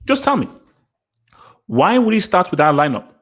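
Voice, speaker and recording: Football stream guy hosting live, super animated, keeps laughing, stumbles over words and repeats himself. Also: high-pitched, moderate pace. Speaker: football channel host. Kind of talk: live stream reaction chat.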